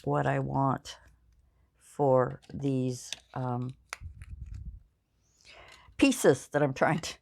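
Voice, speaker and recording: An older woman talks through her crafting in a low, slow voice. She rambles in an easygoing way and pokes fun at herself. Her speech is full of fillers and restarts. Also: steady tone, creaky, a little mellow. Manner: rambling, self-deprecating, many fillers. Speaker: crafting channel host. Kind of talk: casual crafting vlog chat.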